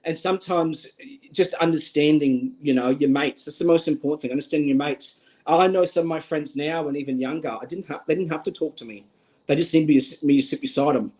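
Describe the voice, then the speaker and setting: Young man, Australian accent, earnest, halting restarts, fairly high voice. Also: a little mellow, rough recording. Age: young adult. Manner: earnest, repeats words when starting a thought. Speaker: guest speaker. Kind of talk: candid livestream conversation.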